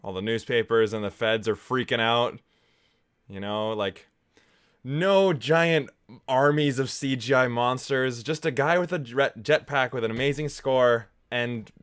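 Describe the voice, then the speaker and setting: A man's voice: medium pitch, measured pace, a bit bright, smooth. A man hosting a casual movie watch-along commentary, rambling and enthusiastic. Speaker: film reviewer, host.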